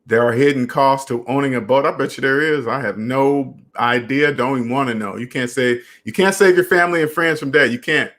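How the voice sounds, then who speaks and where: A man's voice: mid-range voice, fairly quick, few pauses, fairly bright tone. A young adult man hosting a casual personal finance live stream, talking straight to viewers and repeating phrases for emphasis.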